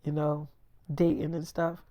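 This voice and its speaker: A woman's voice: low-pitched, completely flat delivery, measured pace, dark tone, no room sound. A storyteller voicing a blunt young pregnant girlfriend. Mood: insistent.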